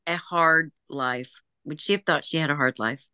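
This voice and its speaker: A woman leading a psychic reading talks in an easy, chatty way, laughing often and relaying what she hears. Her voice is bright and forward. The recording is close and dry. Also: sits low, normal speed, clear, resonant tone, dry recording. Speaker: psychic medium. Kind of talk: group reading session.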